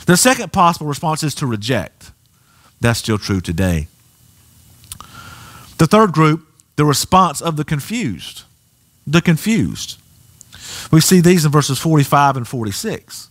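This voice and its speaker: A pastor with a Southern US accent preaching a sermon in a church, animated and rising to near shouts. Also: male voice, fairly high pitch, unhurried, long pauses. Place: church sanctuary.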